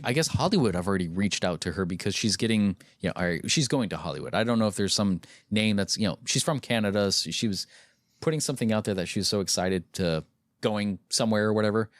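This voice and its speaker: A man's voice: fairly low pitch, brisk, fairly bright tone, no room sound, clean studio sound. A man hosting a casual podcast with friends, ranting bluntly and with exasperation, swearing freely. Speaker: podcast host.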